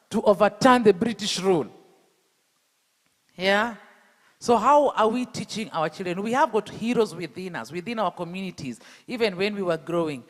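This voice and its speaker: Speaking at an education event, a Kenyan man with a Luo accent delivers a public talk at a fairly high pitch. He presses the audience with rhetorical questions, and a reverberant hall gives his voice a long echo.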